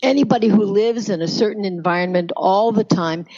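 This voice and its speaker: A Canadian woman being interviewed as a pronunciation coach, talking in a measured, thoughtful way. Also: medium pitch, warm tone, highs cut off. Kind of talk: casual interview talk.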